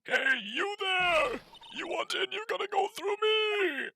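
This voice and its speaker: Guy doing a nagging old lady guard, shrill and scolding, jumps way up and down, game voice read by a fan. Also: expressive, measured pace, vocal fry, pushed and bright, exaggerated voice. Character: grumpy gossipy old woman studio guard. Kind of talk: fan voicing a game aloud.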